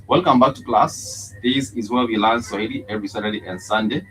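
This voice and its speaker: A man teaching a live-streamed language lesson, pausing often with "uh" and repeating each word slowly for learners. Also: on the low side, fairly bright tone, poor audio. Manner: halting, many "uh" fillers, repeats words slowly for learners. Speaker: Swahili teacher. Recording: faint background noise.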